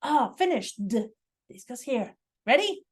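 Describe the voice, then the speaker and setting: A woman with a fairly high voice leads a classroom pronunciation lesson. She speaks slowly and with care, repeating sounds and praising her students warmly. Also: big pitch swings, slightly rough. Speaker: English pronunciation teacher.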